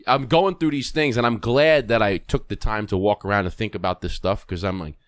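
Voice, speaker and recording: A man hosting a podcast, telling a story in an animated, rambling way with swearing and restarts. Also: fairly low pitch, brisk, no room sound. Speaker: podcast host.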